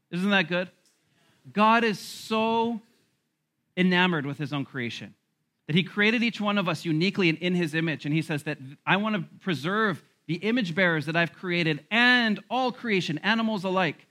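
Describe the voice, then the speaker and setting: Male pastor mid-sermon, animated and bright-toned. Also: high voice, normal speed. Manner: animated preaching with laughs and asides.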